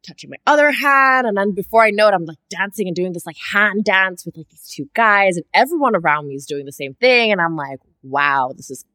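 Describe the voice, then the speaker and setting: A woman co-hosting a podcast, telling a story in casual chat, animated, swearing freely and acting out her own reactions. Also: mid-range voice, a little fast, hardly any pauses, dry recording, studio quality. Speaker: podcast co-host.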